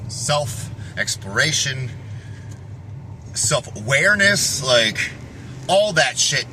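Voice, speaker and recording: A man's voice: a little high, noisy background. A man giving a rambling, profane vlog monologue, often breaking off and restarting his sentences. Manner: profane, restless, self-interrupting. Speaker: fitness vlogger.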